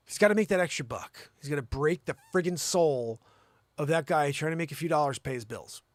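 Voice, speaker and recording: A man's voice: on the high side, normal speed, long pauses, no echo. A man hosting a comedic monologue, rambling and teasing as he jokes. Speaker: host.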